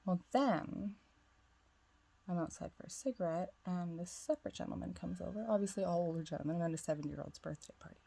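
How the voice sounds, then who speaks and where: A self-assured woman vlogs as a twin flame spiritual guide, telling a long, rambling personal story in casual chat packed with "like" fillers. Her voice is lowish, fairly quick, creaky and slightly rough, with a dark tone.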